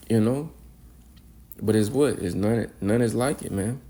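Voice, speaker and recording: Low gravelly guy preaching off the cuff, dark voice, keeps stumbling over words and saying man. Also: slight background noise. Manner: rambling, repeats words, ends phrases with "man". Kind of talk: informal scripture commentary.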